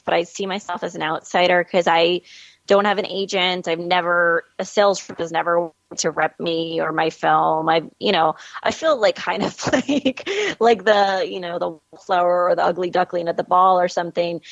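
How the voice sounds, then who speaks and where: Woman guest, lowish voice, chatty and candid, laughs a lot, muffled dry call audio. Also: normal speed, gravelly, no room sound. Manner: animated, candid, laughs easily. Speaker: guest, film distribution manager. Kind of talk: casual interview chat.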